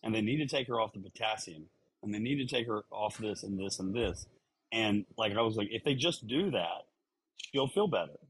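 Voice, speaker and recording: A man co-hosting a podcast, calmly explaining his side in casual chat. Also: lowish voice, moderate pace, slightly rough, poor audio. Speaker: podcast co-host, coach.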